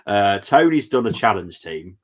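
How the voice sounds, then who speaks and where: A man hosting a fan watch-along stream, chatting in a relaxed way and reacting to the live chat. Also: on the low side, normal speed.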